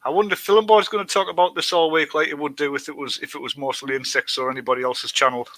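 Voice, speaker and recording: A man's voice: a little high, fairly even intonation, fast, bright, forceful tone, no room sound. A man co-hosting a livestream, laid-back and chiming in with comments in casual chat.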